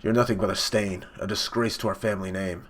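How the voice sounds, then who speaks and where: A man's voice: on the low side, fairly even intonation, fast, lightly acted. A man voicing a cold, domineering older father who speaks with haughty contempt. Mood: contemptuous.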